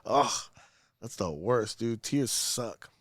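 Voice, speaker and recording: A man's voice: mid-range voice, lively intonation, takes it slowly, fairly bright tone, dry recording, clean studio sound. A man hosting a casual podcast chat, a stand-up comedian who talks candidly and laughs often. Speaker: podcast host.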